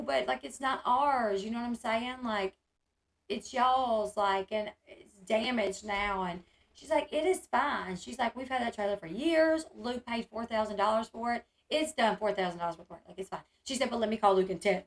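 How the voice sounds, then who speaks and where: A woman's voice: fairly high pitch, moderate pace. A woman, chatting casually on a livestream and reading her chat aloud, with lots of "like" and "um". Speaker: streamer.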